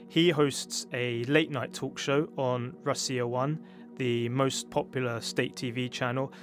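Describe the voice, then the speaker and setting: A man speaking as a media commentator, giving steady, informative explanations. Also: mid-range voice.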